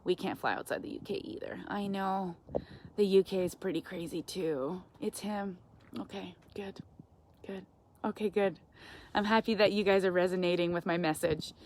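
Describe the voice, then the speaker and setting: A talkative woman speaks as a guest on a live stream. She chats in an animated, upbeat way. She reads viewer comments aloud and responds to them. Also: on the low side, moderate pace, a little hiss or hum. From Canada. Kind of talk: live-stream motivational chat.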